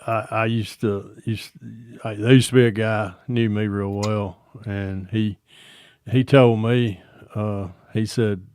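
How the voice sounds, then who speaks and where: A man from Georgia with a Southern accent, telling rambling stories with halting restarts in a casual livestream chat. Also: fairly low pitch, fairly even intonation, a little mellow, clean tone, no echo.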